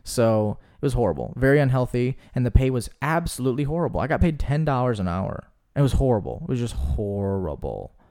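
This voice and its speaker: A young man telling stories in a casual podcast chat, talking in a rambling, animated way with lots of fillers. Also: medium pitch, fairly quick, hardly any pauses. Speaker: podcast guest.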